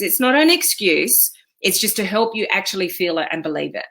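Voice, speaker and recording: An online business coach gives casual, encouraging motivational advice to her online community. Her medium-pitched voice is animated, a little fast and sharp in tone, and she's chatty, full of fillers and quoted self-talk.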